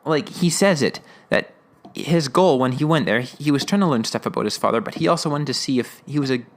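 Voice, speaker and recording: A male podcast host reviews an episode in a casual, rambling way, full of fillers and laughter. His voice is medium-pitched with lively intonation and a fairly quick pace.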